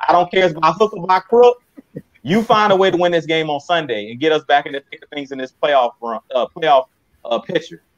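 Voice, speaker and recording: A man's voice: a little high, brisk, no echo. A man co-hosting a sports talk show, giving an emphatic, fired-up pep talk. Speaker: podcast co-host. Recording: dry, slightly muffled mic.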